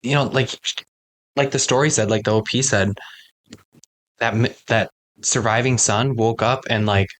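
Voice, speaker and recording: A man's voice: medium pitch, fairly even intonation, normal speed, pauses often, fairly bright tone. A man co-hosting a podcast, chatting casually and rambling with lots of filler words. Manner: rambling, many fillers like "like" and "you know". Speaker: podcast co-host. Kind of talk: casual chat.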